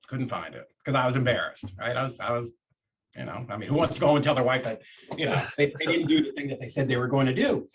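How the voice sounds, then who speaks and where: A man telling a personal story to an interviewer, conversational and lively. He acts out what he and others said and often restarts his sentences. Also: medium pitch, fast talker. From Florida, USA. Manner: animated storyteller, acts out quoted voices, many restarts. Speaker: real estate investor and guest.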